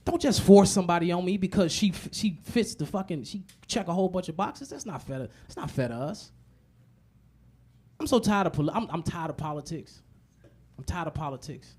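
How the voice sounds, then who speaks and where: A man with a fairly high voice performs stand-up comedy. He tells profane, animated stories full of repetitions and drops into low, muttered asides before loud punchlines. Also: a little fast, husky.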